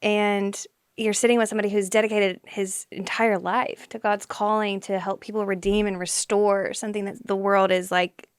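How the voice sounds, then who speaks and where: A woman co-hosting a podcast, speaking in a soft, caring, measured way. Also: medium pitch, level tone, smooth, dry recording, clean studio sound. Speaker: podcast co-host. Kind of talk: casual chat.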